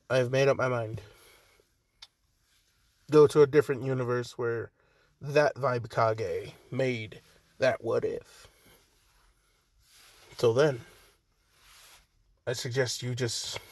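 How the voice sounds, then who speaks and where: Brief: relaxed, slow, rambling male storyteller, casual and profane, dry close mic. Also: medium pitch, dry recording. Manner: laid-back, rambling, frequent 'like' and swearing. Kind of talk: casual improvised story narration.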